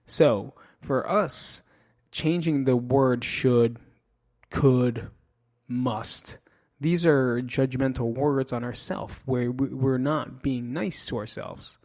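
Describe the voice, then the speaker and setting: A man's voice: medium pitch, slow pace, darkish tone. Profane, joking middle-aged man. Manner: profane, joking, self-mocking. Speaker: podcast host. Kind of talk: casual monologue.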